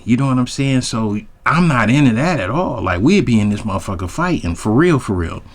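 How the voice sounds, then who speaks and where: Host telling a wild personal story, loose and slangy, leaps into a high voice at the shocking parts. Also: male voice, a little fast, few pauses. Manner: animated, slangy, jumps high when recounting shock. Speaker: podcast host. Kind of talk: casual storytelling.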